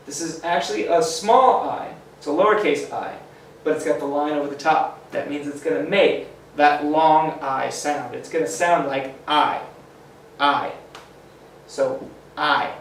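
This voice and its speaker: A man's voice: on the high side, slight background noise. A man teaching a phonics lesson to children, sounding out letters one by one and cheering the class on. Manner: slow, sounds out letters, encouraging. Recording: roomy echo, mic at a distance.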